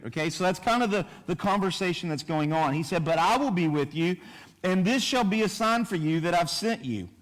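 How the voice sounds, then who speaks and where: A man's voice: sits high, animated, a little fast. A man teaching a Bible study in a conversational manner, often repeating himself and checking in with "right?" and "okay?". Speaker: pastor. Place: church.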